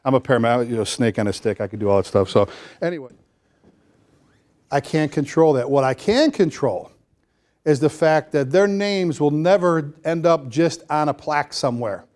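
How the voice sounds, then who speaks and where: A man speaking as a fire chief at a seminar, energetic and folksy, repeating phrases for emphasis. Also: fairly high pitch, moderate pace. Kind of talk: motivational seminar talk to firefighters. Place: seminar room before a live audience.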